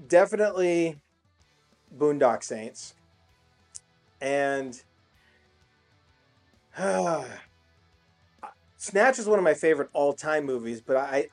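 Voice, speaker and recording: A man's voice: fairly high pitch, darkish tone. A man co-hosting a casual conversation, agreeable, with frequent stammered restarts. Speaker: podcast co-host. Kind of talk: casual chat.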